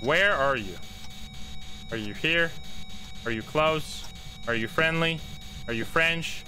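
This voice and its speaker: A man's voice: fairly high pitch, animated, takes it slowly, bright, forceful tone, slight background noise. A man streaming gameplay live, talking to his chat, swearing and laughing at his own bad luck. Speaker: streamer playing a ghost-hunting game.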